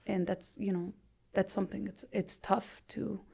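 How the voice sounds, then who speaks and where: A woman in her thirties, a guest on a podcast, tells her own story candidly in a chatty way, saying "you know" a lot and letting her sentences fade to a near-whisper. Her mid-range voice is gravelly with a breathy edge, and she speaks at a normal pace with a flat delivery.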